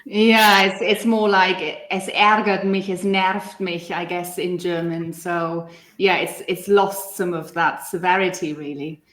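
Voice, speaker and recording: A woman working as a German language coach, talking through example phrases in a measured way during a casual online discussion. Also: fairly low pitch, steady tone, a bit bright. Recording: echoey room.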